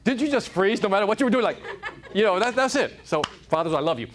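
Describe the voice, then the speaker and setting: A lively, high-voiced motivational speaker from Chicago, United States, gives a fast-paced live keynote to an audience in a conference room. He's energetic and jokey, and he keeps asking "right?"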